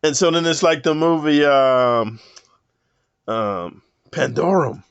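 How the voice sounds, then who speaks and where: A man giving a rambling, profane monologue to camera, rough street talk full of "man". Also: fairly high pitch, animated, slow, no room sound. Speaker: self-help vlogger. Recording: dull lo-fi dry sound.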